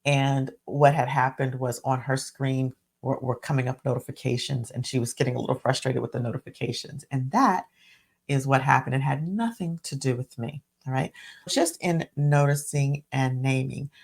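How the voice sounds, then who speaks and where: A woman's voice: extremely low pitch, moderate pace, creaky. A woman hosting a solo podcast, speaking in a reflective teaching tone and repeating phrases for emphasis. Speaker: podcast host and physician.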